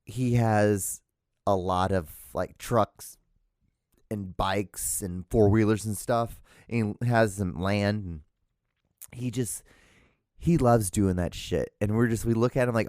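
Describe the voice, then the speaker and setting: A man's voice: lowish voice, slow pace, a little mellow, no room sound, studio quality. A man hosting a solo podcast, rambling casually with lots of swearing, restarts and self-mocking laughs. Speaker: podcast host.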